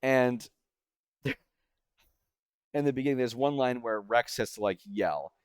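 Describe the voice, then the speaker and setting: A man's voice: medium pitch, unhurried, clean tone. A young man with an ordinary mid-range voice gives a loose, conversational game review. He talks in a chatty, exasperated way, breaks off mid-sentence and circles back to his point. The sound is dry, with almost no room echo. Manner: chatty and exasperated, with many fillers and self-interruptions. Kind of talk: casual spoken video review.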